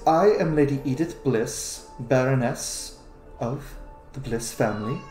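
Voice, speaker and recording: A man's voice: medium pitch, dark tone, lightly acted. A man voicing a gracious, formal noblewoman tiefling baroness, in a roomy recording. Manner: formal and stately. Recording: roomy echo.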